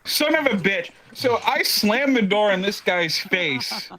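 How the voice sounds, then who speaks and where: Performing at an online virtual comedy show, a stand-up comedian in his twenties tells a profane story full of stammered restarts. His high, animated voice runs a little slow, and the rough recording picks up crowd noise.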